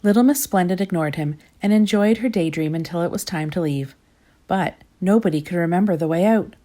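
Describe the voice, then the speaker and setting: A woman reading a children's storybook aloud in a gentle, expressive storytelling manner. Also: on the low side, a little fast. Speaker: storybook reader.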